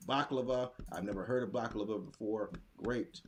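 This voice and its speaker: This clip comes from an instructional webinar demo in which a male teacher presents a writing task for the classroom, musing out loud while clicking through his screen in a relaxed way. He talks at a moderate pace in a fairly low register, with a little background noise audible.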